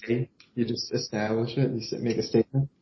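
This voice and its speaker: A man hosting a podcast in casual chat, measured and dry. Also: medium pitch, little pitch movement, lo-fi sound. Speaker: podcast host and editor.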